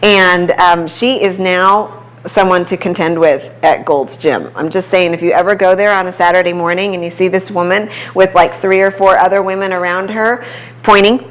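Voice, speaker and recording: A woman with a slightly low voice, a personal trainer talking casually to a small group in an office. She tells client stories in a chatty way, full of quick asides. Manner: conversational storytelling, quick asides. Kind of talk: casual talk to a small audience. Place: chiropractic office.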